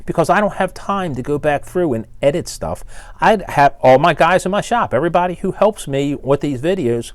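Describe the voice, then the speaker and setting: Speaking fairly high and animated at a normal speed, a sixty-something shop owner and engine builder from the Baltimore area vents at his critics. His one-take video rant is blunt and exasperated, carried by a Baltimore accent, and the audio has no echo.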